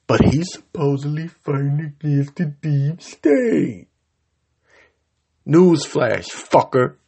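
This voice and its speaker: A man's voice: medium pitch, darkish tone, breathy edge. A man hosting his own podcast, delivering an angry, heated, profanity-laced rant and tripping over his words. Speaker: podcast host. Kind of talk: ranting solo podcast.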